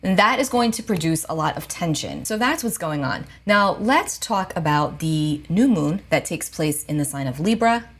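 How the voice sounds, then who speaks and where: A woman astrologer talking casually to her viewers with gentle, reassuring advice, often checking in with "okay?". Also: deep voice. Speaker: astrologer and psychic. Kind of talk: casual spiritual advice talk to camera.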